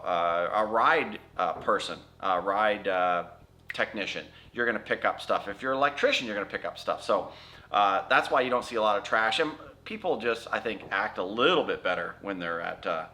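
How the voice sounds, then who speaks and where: A man's voice: medium pitch, bright, forceful tone. A middle-aged man chatting casually in a vlog, answering viewer comments and explaining things in a rambling, self-correcting way.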